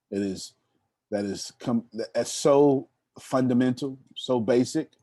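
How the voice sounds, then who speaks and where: A man in his thirties with a middling pitch gives an animated storytelling talk as a motivational speaker. He turns to his listeners directly and teases them as he goes, and the recording is dry and close, with no room echo. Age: 30s.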